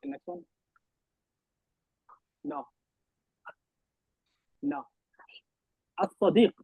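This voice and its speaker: A man's voice: fairly high pitch, lively intonation, brisk, slightly rough, phone-quality sound. A man teaching an online Arabic class, quizzing students and correcting them through repeated words.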